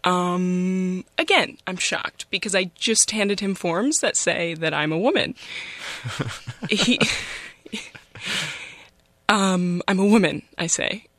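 A young woman telling a personal story in a wry, conversational, self-mocking way, pausing often on "um". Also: on the low side, fairly bright tone, no room sound.

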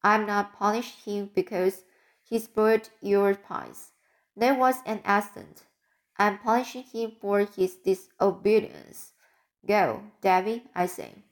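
A strict older woman gives clipped commands in a storybook reading, as a woman reader puts her on. The tone is firm and unhurried, with a middle pitch. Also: close to an everyday voice. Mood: stern. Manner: stern, commanding.

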